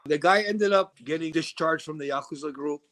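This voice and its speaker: A middle-aged man telling a story in a casual interview, animated and acting out the voices of the people he quotes. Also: fairly high pitch, brisk. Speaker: interview guest.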